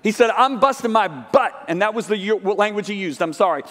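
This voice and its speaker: A man's voice: high voice, brisk. A man preaching a sermon to a church congregation, telling a story animatedly and acting out both sides of a conversation. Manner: animated storytelling, acts out dialogue. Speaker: guest preacher. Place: large church sanctuary. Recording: live church hall reverb.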